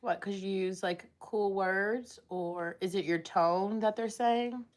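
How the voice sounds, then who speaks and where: A woman's voice: medium pitch, takes it slowly. A woman hosting a casual livestream, rambling and chatting as she reads and answers viewer comments from home. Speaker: livestream host. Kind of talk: casual live chat.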